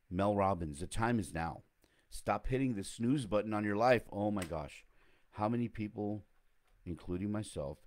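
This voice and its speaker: A man's voice: fairly low pitch, a little mellow. A man hosting a casual motivational talk, rambling and reflective, often correcting himself mid-sentence.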